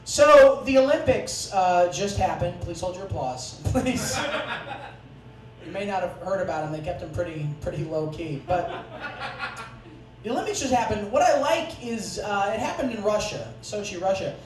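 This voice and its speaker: Sarcastic high-voiced man doing stand-up. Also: moderate pace. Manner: profane, sarcastic, deadpan asides. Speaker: stand-up comedian. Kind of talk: stand-up comedy set. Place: comedy club stage with live audience. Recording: distant, echoey club recording with audience noise.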